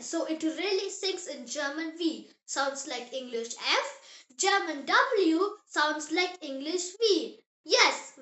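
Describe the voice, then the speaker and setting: A very high, sharply bright voice leads a beginners' German lesson in an echoey room. The teacher speaks slowly and deliberately, carefully enunciating each example word for the listener to copy. The delivery stays upbeat and encouraging throughout. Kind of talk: scripted lesson narration for beginners.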